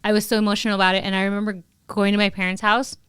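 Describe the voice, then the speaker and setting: A woman in her thirties with a bright, very clear and crisp voice, chatting on a podcast. She tells her stories with energy and slips into quoted voices as she goes. The sound is close and dry. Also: medium pitch, racing, dry recording. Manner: animated storyteller, acts out quotes. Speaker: podcast co-host. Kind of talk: casual chat.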